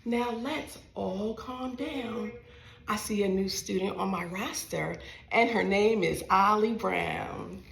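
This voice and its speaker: Calm kindly pre-K teacher voiced by a woman, slow, soothing, storybook read-aloud, echoey room. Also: medium pitch, creaky.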